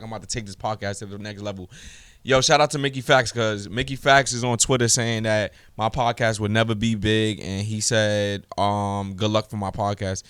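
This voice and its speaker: A man's voice: fairly low pitch, moderate pace, clear, resonant tone, dry recording. A man hosting his own podcast alone, ranting heatedly with lots of profanity. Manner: heated, profane, rising to shouts when ranting. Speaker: podcast host. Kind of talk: solo podcast rant.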